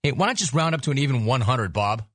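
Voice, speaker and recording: A man's voice: mid-range voice, animated, a bit bright, no room sound, studio quality. A man hosting a sports talk radio show, riffing in a sarcastic, mocking way. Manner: sarcastic, mocking, rapid riffs.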